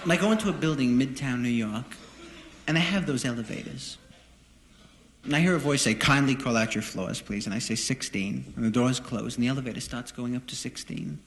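A man doing a stand-up monologue in front of an audience, telling deadpan, self-deprecating stories. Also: mid-range voice, fast talker. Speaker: stand-up comedian. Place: live venue with an audience. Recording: roomy live recording with noise. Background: audience laughter.

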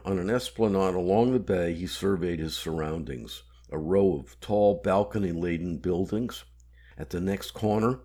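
A man reading a novel aloud in a measured, even audiobook narration. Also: deep voice, husky.

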